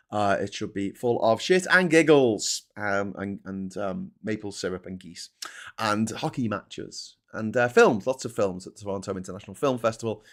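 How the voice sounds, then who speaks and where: A man's voice: on the low side, fairly bright tone. A man with a Scouse accent hosting a political livestream, reading chat and ranting with plenty of swearing. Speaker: live stream host.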